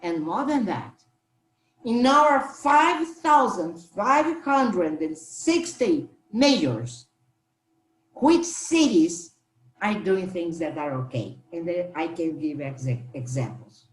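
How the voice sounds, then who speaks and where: Slow, earnest woman panelist. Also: on the low side, animated, echoey room. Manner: slow, earnest, halting with restarts. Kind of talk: panel discussion answer.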